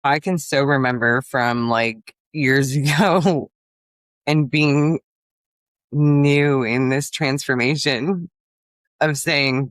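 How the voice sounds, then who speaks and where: A woman co-hosting a casual podcast conversation, reflective and quick to laugh at herself, with some casual swearing. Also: very deep voice, no room sound. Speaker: podcast co-host.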